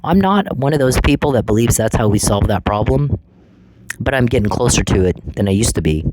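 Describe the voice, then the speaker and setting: A man's voice: medium pitch, expressive, fairly quick, background noise. A man delivering an angry, confrontational monologue, taunting and swearing at the people he addresses.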